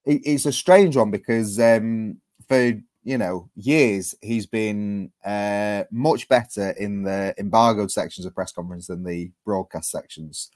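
A man's voice: lowish voice, a little slow, hardly any pauses, a little mellow, dry recording. Hesitant man, dry close sound. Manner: hesitant, many restarts and ums. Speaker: football journalist guest. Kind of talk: casual podcast chat.

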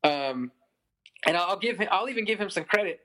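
Sitting high in pitch and moving a little fast, a thirty-something musician spins a lengthy tale as a guest on a casual podcast. He rambles, leans on "like" constantly, and performs the quotes with animation.

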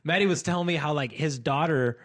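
A man's voice: a little high, fairly quick. Young man, podcast co-host, casual chat, rambling storyteller, laughs easily. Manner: chatty storytelling, laughs often, many fillers.

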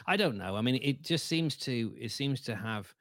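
A man co-hosting a podcast, speaking in a measured, hedging, thoughtful way. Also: medium pitch, animated, a bit bright, dry recording, clean studio sound. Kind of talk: casual podcast chat.

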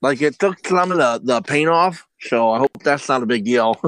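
A man casually playing his part in a tabletop game, rambling with halting restarts. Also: mid-range voice, expressive, fairly bright tone, no echo. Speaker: player.

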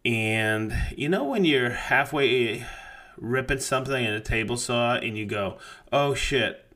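Animated, swearing man telling a shop story. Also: mid-range voice, a little slow. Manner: animated, profane, laughing storyteller. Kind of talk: casual podcast storytelling.

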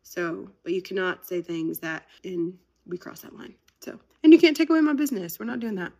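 A woman in her 30s, a business owner hosting her own podcast, chats casually in an upbeat, very talkative way. Her voice is lowish and warm, brisk, with big swings in pitch.

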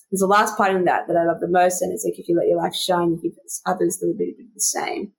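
A woman's voice: lowish voice, level tone, very fast, creaky, few pauses, slightly rough. A young woman co-hosting a podcast in casual chat. She talks in a self-mocking way and laughs often. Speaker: podcast co-host.

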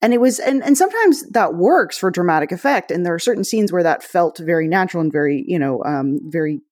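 Measured, thoughtful podcast cohost, dry mic. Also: mid-range voice, lively intonation, darkish tone, dry recording. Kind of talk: casual podcast chat.

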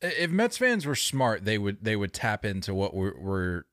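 A man co-hosting a sports podcast, chatting casually with animated, opinionated banter. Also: fairly low pitch, normal speed, no room sound, studio quality. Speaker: podcast co-host. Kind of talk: casual chat.

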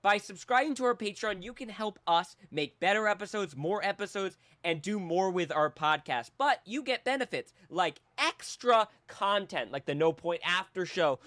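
High-voiced male podcast co-host. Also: bright, forceful tone, dry recording. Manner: narrates events plainly, laughs along. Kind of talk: casual storytelling and sponsor read.

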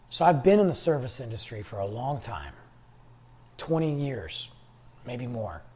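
A man's voice: medium pitch, darkish tone, slightly rough. A middle-aged man hosting a podcast, speaking in an earnest, confiding way as he reflects on his own life. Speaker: podcast host. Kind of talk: reflective personal monologue.

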